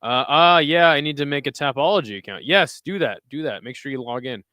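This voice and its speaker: A man's voice: on the high side, lively intonation, quick pace, pushed and bright, no echo, studio quality. Sarcastic young man reading chat. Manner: sarcastic, talks back to chat messages. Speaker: livestream host reading chat. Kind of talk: casual watch-along commentary.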